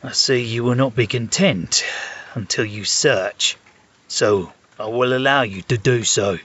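An actor playing a polite, composed, firm monk in an audio drama. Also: male voice, mid-range voice, a little slow, fairly bright tone, husky. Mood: yielding. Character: calm, dignified older male monk. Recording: dull lo-fi recording.

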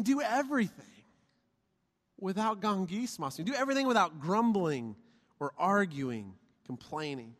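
In a reverberant church sanctuary, a male pastor's high, bright voice rings out with a long tail. His sermon is animated and playful, and he repeatedly calls for amens from the congregation.

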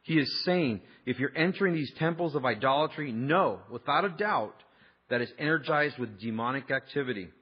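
A man's voice: mid-range voice, expressive, normal speed, breathy edge, lo-fi sound. A man preaching a sermon, conversational and emphatic, mixing scripture with personal stories. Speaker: pastor.

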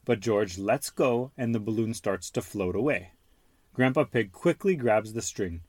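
A man hosting a podcast with his son, reading a children's storybook aloud in an animated, expressive way. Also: fairly low pitch, measured pace, no echo.

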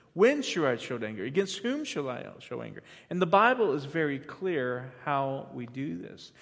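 A man preaching a sermon to a congregation, moving from quiet teaching to loud, emphatic passages with frequent restarts. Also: on the high side, in a large hall. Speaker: pastor.

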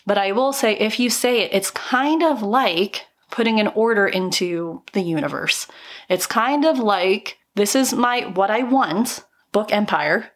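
A woman in her thirties hosting a solo podcast, talking upbeat and encouraging with little laughs between thoughts. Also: mid-range voice. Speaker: podcast host. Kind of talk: motivational solo podcast talk.

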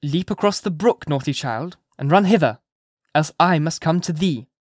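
A man's voice: a little high, normal speed, darkish tone, no echo, pitched above the performer's own voice, lightly acted. An anxious young mother pleads and coaxes in a raised voice, as a male narrator acts her out. She sounds weary and burdened. The dry, close reading suits a classic novel audiobook. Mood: urgent.

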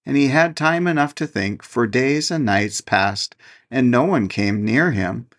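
A man reading a fairy tale aloud as a podcast host, in measured storybook narration. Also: medium pitch, lively intonation, a bit bright.

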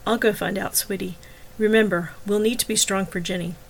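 A woman reading a novel aloud, voicing a caring foster mother who speaks gently and soothingly. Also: mid-range voice, fairly even intonation, brisk, creaky, a little hiss or hum, lightly acted, poor audio.

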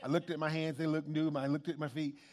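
Male pastor, high voice, animated church sermon with congregation asides. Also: quick pace. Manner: animated, emphatic preaching with repetitions and asides to the congregation.

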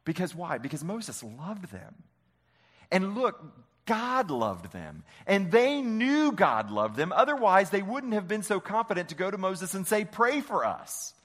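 A man preaches a sermon in an animated way, his voice sitting a little high and rising and falling a lot. He keeps putting questions to his listeners and answering them himself. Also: measured pace. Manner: animated, asks the congregation questions. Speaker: pastor.

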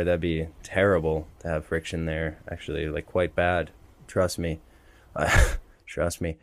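A young man co-hosting a podcast, telling an animated story with lots of laughter and acted-out quotes. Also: fairly low pitch, dry recording. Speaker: podcast co-host. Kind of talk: casual storytelling chat.

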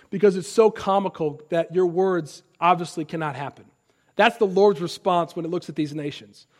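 A man in his thirties preaching a sermon. He swings between loud, impassioned lines and soft, conversational asides. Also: sits high, moderate pace, long pauses. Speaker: pastor.

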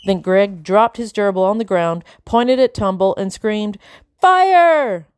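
A woman reading a children's novel aloud in a steady storytelling voice. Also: medium pitch, normal speed, clean tone, no echo, clean studio sound. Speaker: audiobook narrator. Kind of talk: storybook narration.

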